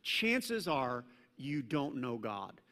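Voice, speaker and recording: Animated male pastor in a reverberant church. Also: medium pitch, very slow. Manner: animated, playful storytelling with sudden loud mock commands. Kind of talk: sermon. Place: church sanctuary. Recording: long reverb from a large church hall.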